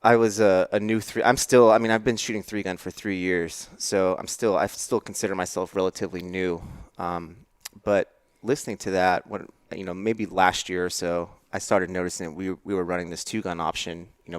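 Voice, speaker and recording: A man's voice: low voice, fairly even intonation, fairly quick, clean tone, dry recording. A man chatting casually on a podcast, telling a rambling story with frequent restarts. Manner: rambling, self-correcting storyteller. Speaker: podcast guest. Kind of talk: casual chat.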